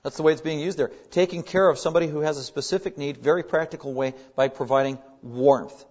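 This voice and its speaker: A man's voice: a little high, fast talker, darkish tone, dull audio. A man preaching a sermon, earnest and emphatic, leaning hard on key words as he builds his points. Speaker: pastor.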